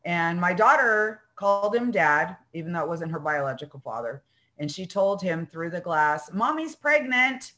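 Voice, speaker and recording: A middle-aged woman telling her own recovery story as a heartfelt personal testimony, halting, with fillers and restarts. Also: on the low side, a bit bright, low-quality recording. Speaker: speaker sharing recovery story.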